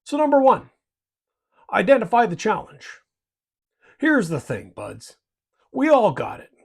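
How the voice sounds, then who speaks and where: Husky man, lively jokey delivery. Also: sits high. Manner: jokey and folksy, tags lines with "eh". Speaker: miniature painting channel host. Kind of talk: scripted hobby advice talk.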